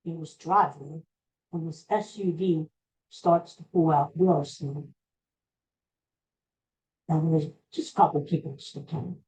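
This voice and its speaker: A man slowly retelling a personal story in a rambling, halting way, with frequent restarts. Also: a little high, steady tone, darkish tone, rough recording.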